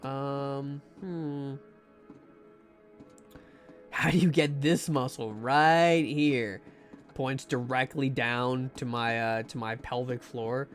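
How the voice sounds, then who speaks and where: A man's voice: mid-range voice, fairly even intonation, slow pace, long pauses, faint music behind. A young man streaming a horror game, chatting to his viewers in a rambling, jokey way with many restarts and asides. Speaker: livestreamer playing a horror game. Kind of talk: casual gameplay commentary to chat.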